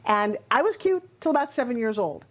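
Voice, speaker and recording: A middle-aged woman from Long Island with a New York accent, giving an energetic, emphatic motivational talk in a conversational way. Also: a little high, fairly quick. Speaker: motivational speaker.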